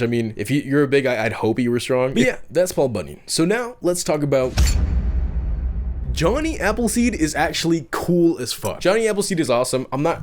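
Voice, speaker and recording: A young man retells folk legends for his vlog, rambling and swearing through exaggerated outbursts. His voice sits a little high and leaps all over the place as he rants. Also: darkish tone. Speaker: YouTube host. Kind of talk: comedic storytelling vlog.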